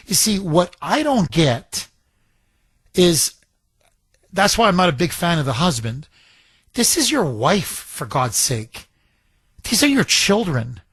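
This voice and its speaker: A man's voice: sits high, very animated, takes it slowly, fairly bright tone, husky, no echo. A man hosting a call-in talk radio show, giving emphatic, opinionated commentary that wanders off on tangents.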